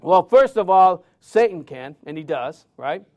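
A man's voice: high-pitched, lively intonation, a little slow, a little mellow. A man preaching a sermon in a loose, conversational storytelling way, full of fillers and restarts. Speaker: pastor.

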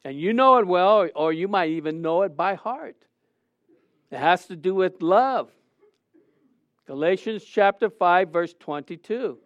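A man's voice: high voice, animated, a little slow, dry recording, dull audio. A middle-aged man preaching a sermon, questioning the congregation and acting out stories.

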